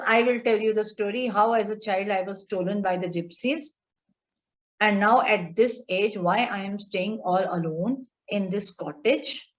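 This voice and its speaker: Lady teacher going through a play, reads a line then explains it plainly, slow, dull lo-fi online class sound. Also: mid-range voice. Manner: reads quotes, then paraphrases them patiently in simple words; asks students questions. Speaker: English teacher.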